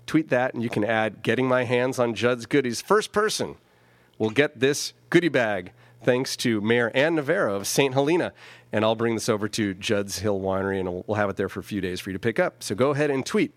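A man's voice: lowish voice, brisk, no room sound. Chatty radio host guy from california, voice jumps around a lot, dry close mic. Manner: laughs often, chatty and animated. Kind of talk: casual radio interview.

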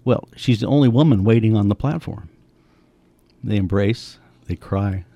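An older man in his seventies with a low, gravelly voice tells a family story in conversation. His tone is dark and mellow, and he brings quoted people to life with animated voices. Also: moderate pace, no room sound, highs cut off. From United States.

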